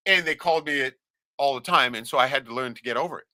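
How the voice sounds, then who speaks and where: A man's voice: medium pitch, quick pace, bright, forceful tone, dry recording. A man telling stories in casual chat, bluntly and with constant swearing. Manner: swears constantly, blunt storytelling with lots of "right?".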